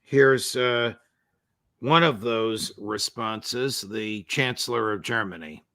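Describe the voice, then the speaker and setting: A man hosting an interview show, asking his guest measured, courteous questions. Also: on the low side, a bit bright, dry recording, studio quality. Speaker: show host. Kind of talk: remote interview.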